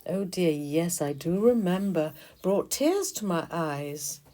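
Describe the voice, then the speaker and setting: A woman's voice: fairly low pitch, lively intonation, takes it slowly, warm tone. A woman playing a vain, fussy queen bee. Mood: grand. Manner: theatrical, exclaiming.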